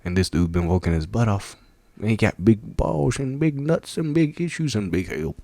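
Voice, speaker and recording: Brief: low-voiced man in a dry, close recording, casual reaction talk full of fillers and laughs. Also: expressive, normal speed, vocal fry, darkish tone, no echo. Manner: rambling, many fillers, laughs often. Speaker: video reactor.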